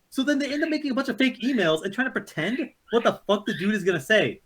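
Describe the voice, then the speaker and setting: A high-voiced man talking quickly in a casual movie review chat. His pitch swings a lot as he rambles and swears through a story. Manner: excited, profane, rambling storytelling. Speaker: podcast co-host.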